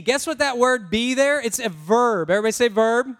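A man preaching a lively sermon, prompting the congregation to repeat words and talking in a casual, self-interrupting way. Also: very high-pitched, brisk. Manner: energetic, call-and-response with congregation. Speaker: pastor.

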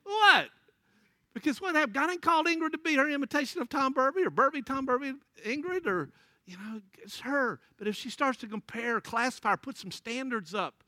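A man preaches in a high, bright voice. He tells stories in a folksy way and laughs often. The sound is close and dry, with no room echo. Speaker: pastor. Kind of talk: sermon.

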